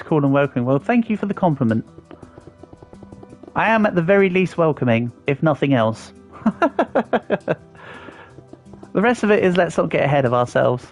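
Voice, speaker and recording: An English man in his thirties, chatting casually on a live stream and answering viewers' comments as he builds. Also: a little high. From England. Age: 30s. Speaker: livestreamer.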